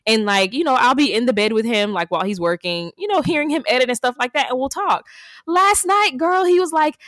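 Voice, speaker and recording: A young adult woman co-hosting a podcast, telling stories in a chatty, animated way with lots of "like". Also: high voice, brisk, dry recording. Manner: chatty, animated storytelling with many "like"s. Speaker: podcast co-host. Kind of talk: casual chat.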